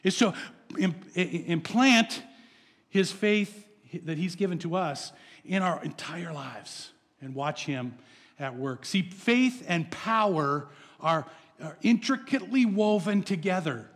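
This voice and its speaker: A man's voice: high-pitched, animated, slow pace, long reverb tail. A male pastor preaching an earnest, encouraging sermon, often repeating words as he goes.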